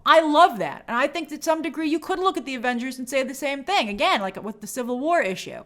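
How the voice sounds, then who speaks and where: Lively, high-voiced woman reviewing TV. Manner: enthusiastic, chatty, acts out characters' lines in quick asides. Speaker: film and TV review show host. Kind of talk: casual episode breakdown commentary.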